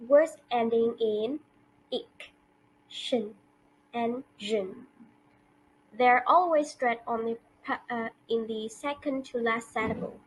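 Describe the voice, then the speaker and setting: A woman giving a class presentation, reading carefully and slowly with some non-native grammar slips. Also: on the high side, breathy edge, poor audio. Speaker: student presenter. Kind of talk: class presentation on word stress.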